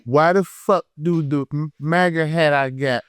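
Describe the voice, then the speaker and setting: A man from Detroit with a Detroit accent, telling a story in an unfiltered, profane, heated way, swinging between loud and low. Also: measured pace, smooth, no echo, studio quality. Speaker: guest. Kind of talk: unfiltered casual interview. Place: podcast studio.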